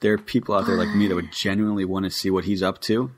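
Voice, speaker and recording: Lowish-voiced man co-hosting a podcast. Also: level tone, fast. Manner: opinionated, enthusiastic fan. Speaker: podcast co-host. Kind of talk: casual podcast chat.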